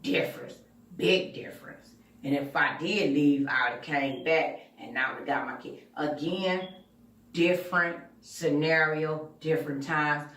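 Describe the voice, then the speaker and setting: Hosting her channel, a woman recounts a personal story with blunt candor and lots of swearing. Her voice is deep yet a bit bright, and the echoey room leaves her sounding distant from the mic.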